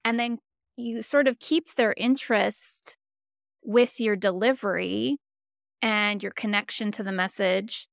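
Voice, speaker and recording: A woman's voice: mid-range voice, a little slow, vocal fry, dry recording, studio quality. A woman hosting a podcast interview, asking questions in a thoughtful, conversational way. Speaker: podcast host.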